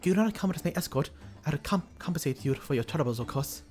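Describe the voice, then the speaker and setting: A man's voice: fairly high pitch, lively intonation, fast, darkish tone, soft background music, natural voice. A man reading a polite tribeswoman's game lines aloud in a put-on accent, stumbling over some words.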